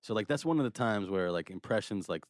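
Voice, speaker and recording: A man hosting a panel, telling animated, profane anecdotes and doing impressions. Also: lowish voice, quick pace, no echo, studio quality. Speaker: panel host. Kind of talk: casual chat, storytelling.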